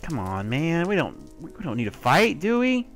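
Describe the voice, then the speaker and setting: A man giving loose let's-play commentary into his own mic, chatty and quick to curse. He talks straight to the creatures on screen. Faint game music plays behind him. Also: on the high side, huge pitch swings. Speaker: gameplay commentator.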